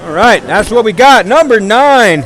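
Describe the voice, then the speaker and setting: A man calling a ball hockey game play by play, tired after hours of talking, joking at his own expense and getting louder on goals. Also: high voice, moderate pace, a faint crowd. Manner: joking, self-mocking, rising excitement on goals. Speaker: play-by-play commentator.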